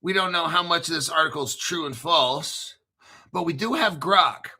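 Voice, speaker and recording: A man's voice: on the high side, normal speed, sharp tone, husky. A man in his fifties hosting a crypto video, ranting casually in a blunt, profane, combative way and repeating himself for emphasis.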